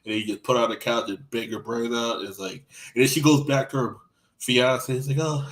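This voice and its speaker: A man with a mid-range voice tells raunchy stories in casual podcast chat. He rambles and restarts often. He acts out quoted lines, dropping soft and then jumping loud. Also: mid-range voice, steady tone, a little fast, low-quality recording. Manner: crude, rambling storytelling with lots of restarts.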